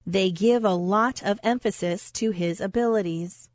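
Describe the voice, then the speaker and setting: A woman reads example sentences aloud for a language lesson. Her delivery is slow, even and deliberate, at a middle pitch. The recording is dry and close, with no room sound. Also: no echo.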